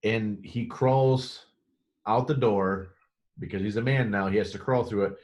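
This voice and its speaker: Low-voiced man rambling through a story. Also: measured pace, darkish tone. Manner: rambling retelling with restarts. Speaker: podcast co-host. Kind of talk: casual film discussion.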